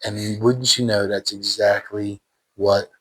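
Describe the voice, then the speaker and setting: A man's voice: on the low side, flat delivery, slow pace, a bit bright, husky. Fervent man giving a faith testimony. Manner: fervent and emphatic, with repeated phrases; casual everyday speech with fillers. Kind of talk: personal testimony monologue.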